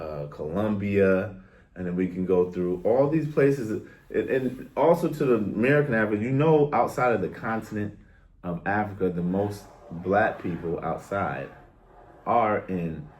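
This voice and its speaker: A young man with a somewhat low voice vents to his viewers in a loose, casual rant. He is blunt and exasperated and leans on street slang and direct address. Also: moderate pace, a little mellow. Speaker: vlogger.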